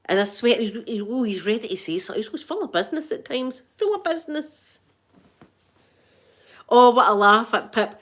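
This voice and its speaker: A middle-aged Scottish woman and grandmother chatting in a casual ASMR vlog, animated and laughing often. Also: fairly high pitch, moderate pace. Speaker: vlogger and grandmother.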